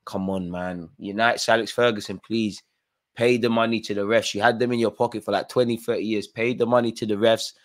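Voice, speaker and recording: A man hosting a live football watchalong, reacting loudly to the match with slangy banter and urging players on. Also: fairly low pitch, fairly quick. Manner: excitable, shouts at players, slangy.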